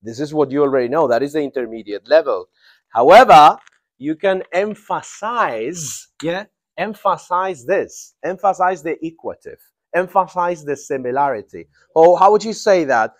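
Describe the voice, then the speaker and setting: A man's voice: a little high, lively intonation. Man teaching an English grammar class. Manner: drawn-out emphatic prompting of students.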